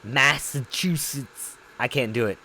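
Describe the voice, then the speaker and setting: A man's voice: medium pitch, measured pace. A man with a Southern US accent, hosting a livestream and chatting casually with his viewers in a rambling, profane, laid-back way. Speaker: livestream host.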